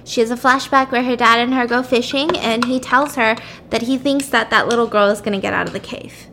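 Chatty woman vlogger, a bit high, rambling recap of a story while she cooks. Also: fairly even intonation, noisy background. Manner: fast, rambling, full of "like".

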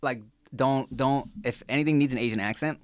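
A man's voice: medium pitch, fairly quick, no echo. A man hosting a podcast, telling stories in a loose, profane, casual way full of fillers. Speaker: podcast host.

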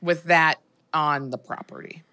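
A woman's voice: sits low, steady tone, pushed and bright. A woman co-hosting a comedic podcast, reacting in disbelief to her co-host's movie recap. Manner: incredulous, quick reactions. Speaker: podcast co-host. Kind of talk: casual comedic chat.

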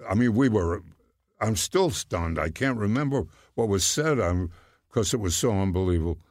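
A man in his nineties, a guest in casual chat, telling stories slowly and haltingly. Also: fairly low pitch, expressive, darkish tone, no echo, studio quality. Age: 90s. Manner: slow, halting storyteller. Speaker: guest, cartoonist.

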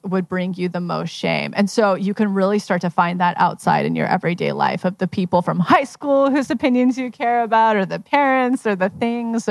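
A woman's voice: medium pitch, vocal fry, no echo. A young woman coaching at a live question session, chatty, often laughing and acting out voices as she talks. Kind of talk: live Q&A talk.

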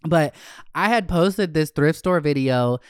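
A man hosting his own podcast in a camp, chatty solo talk, gushing about himself with sudden swoops up in pitch. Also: lively intonation, unhurried, smooth, dry recording, clean studio sound. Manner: gushing and self-hyping. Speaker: podcast host. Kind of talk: casual solo podcast chat.

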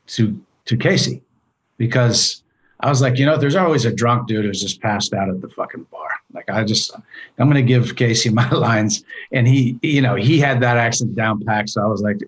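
A man in his forties from California, an actor talking as a guest in a relaxed, rambling, profane way, with lots of "you know". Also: on the low side, slightly rough, poor audio. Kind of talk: casual interview.

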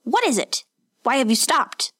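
Commanding, barking, stern male master played by a woman, pitched high. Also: wildly swooping pitch, normal speed, no echo, studio quality, exaggerated voice. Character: stern man, a harsh swimming master.

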